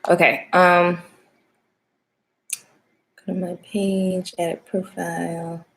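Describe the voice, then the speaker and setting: A woman's voice: lowish voice, level tone, slow pace, vocal fry, a little hiss or hum. A young woman hosting a casual live stream as a tarot reader, chatting, greeting viewers by name and laughing often.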